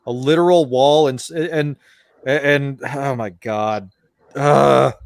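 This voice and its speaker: A man's voice: medium pitch, slow, gravelly, dry recording. A man hosting a casual chat, ranting in an exasperated way and swearing freely. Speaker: podcast host.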